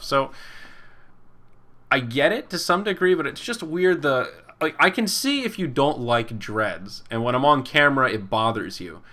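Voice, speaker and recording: Bright-voiced rambling young man. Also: medium pitch. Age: 20s. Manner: rambling, chuckling, acts out quoted people. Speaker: podcast host and esports caster. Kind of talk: casual chat reading live chat.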